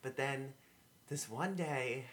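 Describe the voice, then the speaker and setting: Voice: medium pitch, slow pace, a bit bright. A young adult co-hosting a podcast, talking in a hesitant, self-conscious way with many fillers, in casual conversation. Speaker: podcast co-host. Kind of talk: casual chat.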